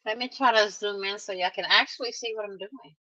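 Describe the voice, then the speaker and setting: A craft vlogger narrates a casual tutorial in a mid-range, sharp-toned voice, talking a little fast. She's chatty, addresses her viewers directly and drops playful little exclamations, and the lo-fi recording sounds dull.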